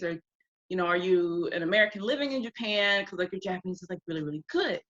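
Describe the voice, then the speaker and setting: A woman in her twenties tells stories in a loose, chatty interview and slips into the voices of people she quotes. Her voice is bright and forward. It comes through dull lo-fi video-call audio. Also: lowish voice, fairly quick. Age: 20s. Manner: chatty storyteller, often acts out quotes. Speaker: guest. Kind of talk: casual interview chat.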